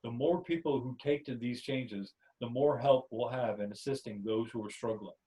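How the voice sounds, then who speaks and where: A man hosting a podcast, reading a spiritual story aloud in a steady second-person telling. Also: mid-range voice, normal speed, recorded from a distance, rough recording. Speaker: podcast host, story narrator. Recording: voice somewhat off-mic.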